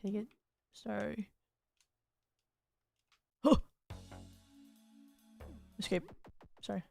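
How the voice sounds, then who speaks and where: A young woman streams a game and talks her way through it, reading menus and item text aloud in a casual, chatty way. Her pitch sits in a middle range, and she breaks into laughter or a quick curse when something surprises her. Faint game music plays underneath. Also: gravelly, mellow. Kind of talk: casual gameplay commentary.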